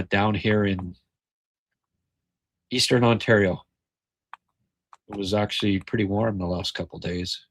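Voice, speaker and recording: A middle-aged man with an Ottawa Valley accent hosting a casual hockey podcast, speaking haltingly with frequent pauses and fillers. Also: on the low side, no echo. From Ottawa Valley, Canada. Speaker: podcast host. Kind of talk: casual post-game hockey chat, reading viewer comments.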